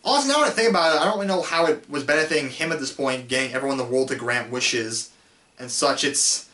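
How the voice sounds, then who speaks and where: A man's voice: medium pitch, fast, bright, forceful tone. A man hosting a casual film review show, rambling with lots of fillers and restarts and laughing often. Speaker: host reviewing films. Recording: echoey, distant mic.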